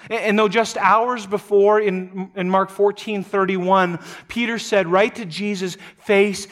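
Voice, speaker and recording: A man preaching a sermon, retelling a scripture story dramatically, moving between loud emphatic passages and quiet low asides, often repeating words as he goes. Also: fairly even intonation, a little slow, hardly any pauses. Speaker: pastor.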